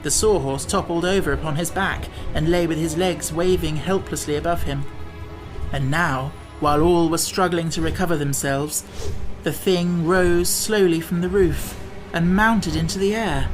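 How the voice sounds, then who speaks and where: A man reading a classic children's fantasy novel aloud as an audiobook narrator, in a measured, expressive storytelling manner. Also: on the high side, music in the background.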